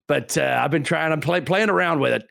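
Fast-talking British man, animated storyteller. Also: a little high, vocal fry, dry recording, clean studio sound. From Britain. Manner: animated storyteller, laughs often, many restarts. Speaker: podcast co-host. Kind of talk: casual chat.

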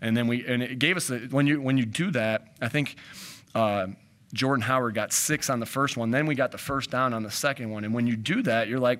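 A man's voice: medium pitch, brisk, fairly bright tone. A man, a head coach, answering questions at a postgame press conference, rambling with frequent restarts and fillers.

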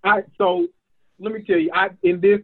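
A man's voice: high-pitched, sing-song, normal speed, narrow, tinny audio. A man joining a casual gossip podcast remotely, joining in with playful asides. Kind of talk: casual reality-TV gossip chat.

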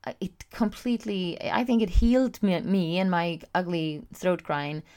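A woman hosting a podcast, telling a personal story in a candid, expressive way with frequent pauses and fillers. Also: on the low side. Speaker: podcast host.

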